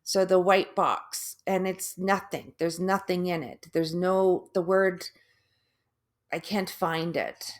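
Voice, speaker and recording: A middle-aged woman talking in a casual personal video, halting, with restarts, long pauses and drawn-out, oddly stressed syllables. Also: on the low side, steady tone. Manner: laughs softly at herself. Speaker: vlogger sharing her stroke recovery.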